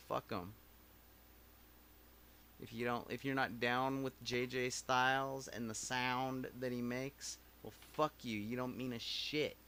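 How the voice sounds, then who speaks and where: A man's voice: mid-range voice, fairly bright tone, a little hiss or hum. A man live-streaming from his home recording setup, chatting casually in a rambling, profane, self-mocking way.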